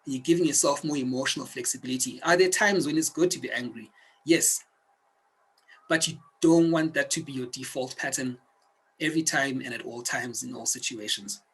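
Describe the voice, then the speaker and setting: A man's voice: mid-range voice, brisk, fairly bright tone, slightly rough, rough recording. A man teaching a self-help video lesson, speaking earnestly and directly to the viewer like a coach. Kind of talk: instructional video talk.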